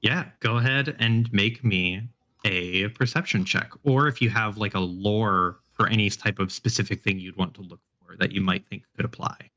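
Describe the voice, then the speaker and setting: A man running a tabletop horror game as game master, describing scenes in a relaxed way with many fillers. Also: on the low side, normal speed, dull audio.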